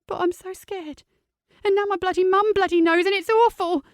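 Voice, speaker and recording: A woman voicing an upset teenage girl, speaking high and quick in an audiobook. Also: dry recording, clean studio sound. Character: distressed teenage girl, tearful and defiant.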